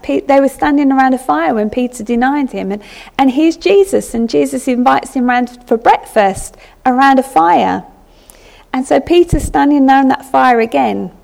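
A woman's voice: high-pitched, creaky, darkish tone. A woman preaching a reflective sermon, retelling a story with fillers and restarts.

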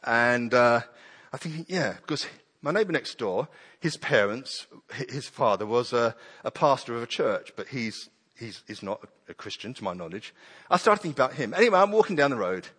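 Male preacher, animated sermon delivery, long hall reverb. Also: medium pitch, normal speed, husky. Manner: animated, acts out prayers and children's voices.

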